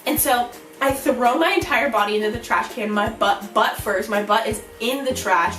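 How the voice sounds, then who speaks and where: A young woman with a slightly high voice tells a storytime vlog, animated and giggly, acting out the loud parts herself. She sits a little back from the mic in an echoey room, with music playing behind her. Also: moderate pace, distant mic. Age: young adult. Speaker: vlogger.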